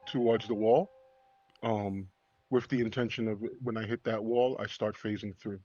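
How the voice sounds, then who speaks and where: A man's voice: on the low side, fairly even intonation, moderate pace, dark tone, no room sound, lo-fi sound, soft background music. A man playing a tabletop game, methodically working through his abilities with fillers. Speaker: player. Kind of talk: casual tabletop game play.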